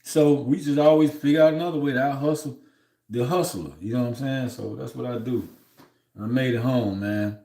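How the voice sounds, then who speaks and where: A man's voice: medium pitch, steady tone, fairly quick, warm tone, roomy sound. A man on a livestream telling a long story in a loose, rambling way, often heated and aggrieved, with "you know what I'm saying" between his thoughts. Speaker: livestream host.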